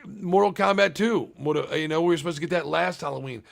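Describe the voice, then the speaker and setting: Speaking quickly in a fairly high, gravelly voice, a young man summarizes a movie during a laid-back live stream. He curses often, wanders off topic, and addresses his chat.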